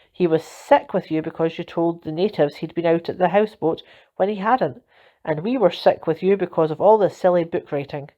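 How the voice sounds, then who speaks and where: A woman's voice: on the low side, dark tone, natural voice. A woman voicing a bold, bossy girl captain in a storybook reading, breathless and commanding. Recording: dull lo-fi recording.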